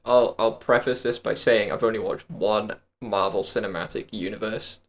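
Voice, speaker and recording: Gravelly-voiced young man, wry chat. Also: on the low side, steady tone, moderate pace. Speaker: podcast co-host. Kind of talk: casual chat.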